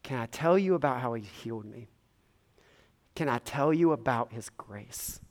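A man's voice: medium pitch, moderate pace, close to an everyday voice. A man voicing a freed, formerly possessed man who is overjoyed and eagerly pleading. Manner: excited, urgent, pleading.

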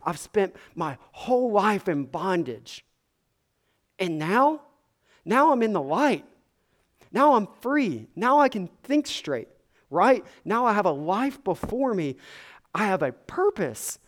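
A man's voice: medium pitch, unhurried, close to an everyday voice. A man voicing a freed, formerly possessed man who is overjoyed and eagerly pleading. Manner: excited, urgent, pleading.

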